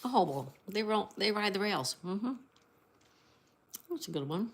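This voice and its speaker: A woman's voice: medium pitch, animated, measured pace, slightly rough. A woman hosting a casual livestream, greeting viewers, reading chat aloud and spelling out crossword answers. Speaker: livestream host.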